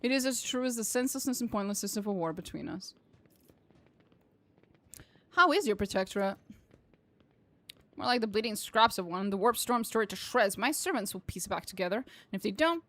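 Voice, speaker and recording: A woman's voice: a little high, animated, a little fast, a bit bright, no room sound. A woman reading as a swaggering noble warlord. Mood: boastful. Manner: swaggering, blunt, boastful. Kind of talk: reading game dialogue aloud.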